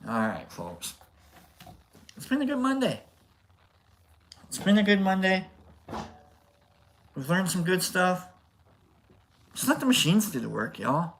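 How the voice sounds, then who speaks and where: A man's voice: high-pitched, wildly swooping pitch, a little slow, long pauses, a bit bright, slight background noise. A man hosting a casual live stream, rambling and joking, with bursts of mock outrage. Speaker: streamer host.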